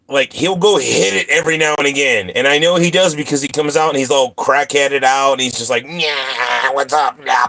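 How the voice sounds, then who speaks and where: A man chats casually on his live stream. He coos playfully at his cats and voices what they might be thinking. His mid-pitched voice sounds dry and close. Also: fairly bright tone, dry recording. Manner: talks to his cats in a playful sing-song, voices their thoughts. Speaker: streamer hosting a claw-machine game.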